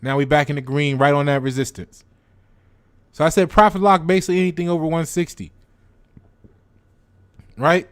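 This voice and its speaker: Male host, casual explainer, slightly high pitch, dry close mic, loose conversational delivery. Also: level tone, normal speed, pauses often, dry recording. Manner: conversational, repeats words, addresses viewers directly. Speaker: stock trading channel host. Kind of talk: casual explanatory chat to viewers.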